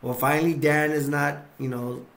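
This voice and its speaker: A man's voice: fairly high pitch, flat delivery, normal speed, gravelly. A man casually retelling movie scenes in a rambling way, acting out the characters' lines. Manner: rambling, acts out lines, lots of fillers. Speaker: video reviewer.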